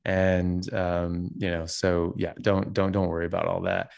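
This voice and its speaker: A man who is a doctor, a guest on a podcast interview, telling stories in an animated way with frequent restarts. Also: sits low, unhurried, clear, resonant tone. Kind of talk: casual interview conversation.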